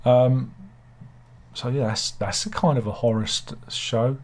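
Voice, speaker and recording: A man's voice: mid-range voice, steady tone, unhurried, darkish tone. A man with a British accent hosting a casual satirical news chat, rambling and self-deprecating with asides. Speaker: host.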